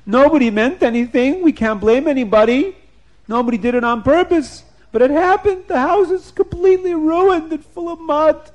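A man's voice: a little high, warm tone, close to an everyday voice. A man doing a distraught, tearful homeowner. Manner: tearful lamenting. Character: distraught man mourning his ruined house.

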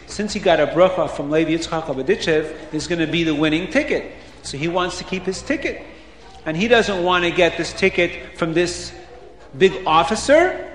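A man's voice: high voice, a little hiss or hum. A man telling a children's story, acting out the characters' voices with lots of expression. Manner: animated, acts out characters' voices. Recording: echoey hall with faint ambience.

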